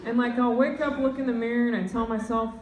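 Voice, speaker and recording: A young woman doing stand-up comedy, talking in a low, deadpan voice with deep tones. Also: fast, echoey room, recorded from a distance, noisy background. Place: comedy club stage.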